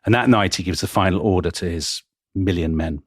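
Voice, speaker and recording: Male podcast co-host, deep husky voice, dramatic storyteller. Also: brisk, dry recording, clean studio sound. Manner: dramatic retelling, frequent laughs. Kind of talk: casual history podcast storytelling.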